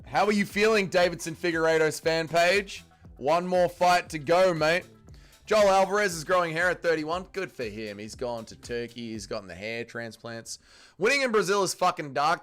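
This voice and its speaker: A man's voice: fairly high pitch, a bit bright. A man hosting a casual watch-along livestream, reading chat aloud and joking crudely, swearing freely. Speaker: livestream host.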